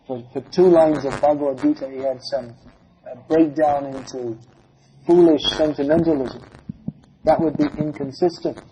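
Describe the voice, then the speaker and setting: A man's voice: fairly high pitch, dark tone, poor audio. A man lecturing on scripture in a devotional talk, asking rhetorical questions and chanting verses. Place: lecture hall. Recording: faint background noise, older recording.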